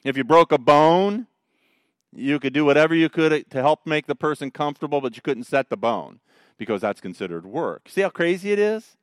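A man preaching, animated and playful as he pokes fun at old rules. His voice is smooth and resonant and sits a little high. The sound is dry and close, with no room echo. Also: moderate pace. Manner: animated, joking storyteller who mocks the Pharisees. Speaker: pastor. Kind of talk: sermon.

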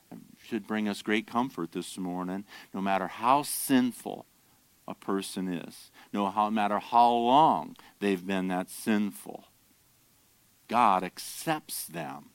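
Male pastor, sermon delivery, smooth resonant voice, dry close sound, builds to emphatic peaks. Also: fairly low pitch, no echo. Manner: animated, emphatic preaching with rising intensity.

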